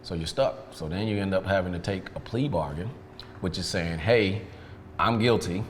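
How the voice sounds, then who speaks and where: A man's voice: sits low, brisk, a little hiss or hum. A man in a sit-down interview, frankly recounting his past and retelling events with quoted dialogue. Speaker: interview guest, detailing business owner. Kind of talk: candid storytelling in a sit-down interview. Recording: long reverb with faint background ambience.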